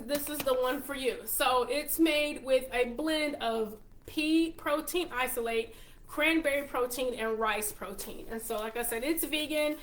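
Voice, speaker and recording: A chatty woman with a Texas twang, talking casually to her viewers as she hosts her own show. Her voice sits a little high. She is upbeat and reels off long lists with small restarts along the way. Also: fairly bright tone, slight background noise. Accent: Texan. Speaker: show host and wellness consultant. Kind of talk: casual product talk to viewers.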